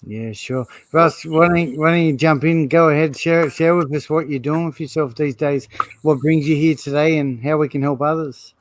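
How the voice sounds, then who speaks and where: A man's voice: a little high, fairly even intonation, normal speed, slight background noise. A man hosting a live online interview, friendly and encouraging. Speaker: host.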